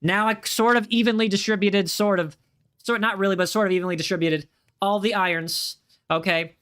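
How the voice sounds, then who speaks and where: A man's voice: high-pitched, steady tone, fairly quick, a bit bright, clear, resonant tone. A man with an American accent giving live gaming commentary, chatting with his viewers in a rambling way, repeating himself and restarting sentences as he plays. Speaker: game streamer.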